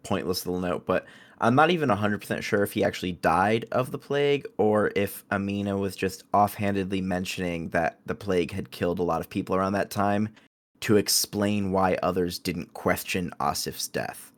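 A man's voice: low-pitched, normal speed. A man co-hosting a book club podcast, offering a tentative point in casual conversation.

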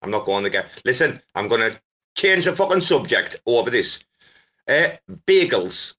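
A man hosting a casual chat, teasing and swearing, breaking into loud laughs. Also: medium pitch, sing-song, brisk. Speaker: host.

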